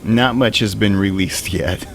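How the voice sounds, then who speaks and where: A man's voice: lowish voice, unhurried, creaky, slight background noise. A man streaming a flight simulator, thinking aloud in casual, rambling commentary.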